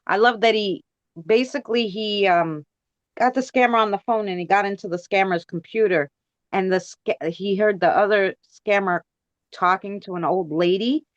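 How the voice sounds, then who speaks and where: A woman's voice: mid-range voice, normal speed, dry recording. Rambling woman on dull, dry audio. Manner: rambling, restarts often. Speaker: livestream co-host. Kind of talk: casual chat.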